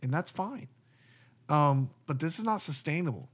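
A man's voice: fairly high pitch, animated, normal speed, a bit bright, slightly rough. A man, a pastor, talking earnestly and conversationally about church community. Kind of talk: casual podcast talk.

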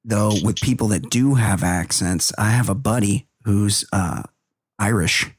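A man's voice: on the low side, unhurried, husky, no echo, clean studio sound. A man co-hosting a casual comedy podcast, rambling and profane as he riffs. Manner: rambling, profane, animated riffing. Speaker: podcast co-host.

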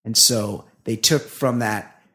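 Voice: mid-range voice, steady tone, slow pace, sharp tone. Dry rambling podcast cohost, medium voice, just shooting the breeze. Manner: dry, rambling jokes, frequent restarts. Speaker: podcast co-host. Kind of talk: casual comedy podcast chat.

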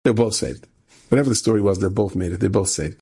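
A man's voice: fast, husky. A man, a rabbi, telling a story with a moral lesson in a conversational way, repeating phrases for emphasis. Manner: conversational, repeats phrases for emphasis, rising pitch when animated.

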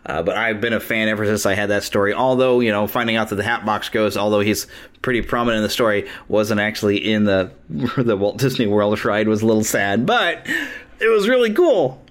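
Chatty, excitable male podcast host. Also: on the low side. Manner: eager, chatty, quick to laugh. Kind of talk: casual chat.

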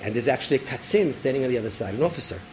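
A rabbi telling a story in a sermon, animated, acting out voices and dropping in Hebrew terms. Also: male voice, mid-range voice, rapid-fire, slight background noise, poor audio. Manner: animated storyteller, acts out characters, laughs; sprinkles Hebrew and Yiddish terms.

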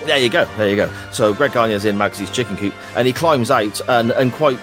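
A man's voice: mid-range voice, a little fast, a bit bright, faint music behind. A man co-hosting a wrestling podcast, recapping a clip in a sarcastic, sweary, casual way. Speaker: podcast co-host. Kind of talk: casual chat.

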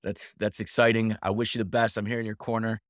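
A man's voice: fairly low pitch, little pitch movement, fast, no echo, clean studio sound. A man hosting a podcast interview, chatting casually and cheering his guest on. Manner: encouraging, affirming, calls guest man. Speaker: podcast host.

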